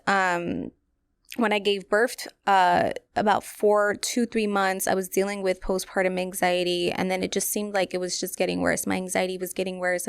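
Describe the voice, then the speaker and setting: A woman's voice: fairly low pitch, vocal fry, clear, resonant tone, dry recording. A young adult woman hosting a podcast, telling a personal story in a candid, rambling way with many fillers. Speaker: podcast host.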